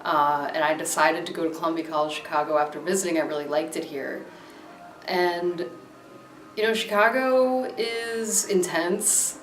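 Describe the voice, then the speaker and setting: A woman's voice: lowish voice, slight background noise. A young adult woman from Maryland, talking casually in a documentary interview with lots of fillers and easy laughter. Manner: casual, chatty, many fillers, laughs easily. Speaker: interviewee, dog owner. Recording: echoey room.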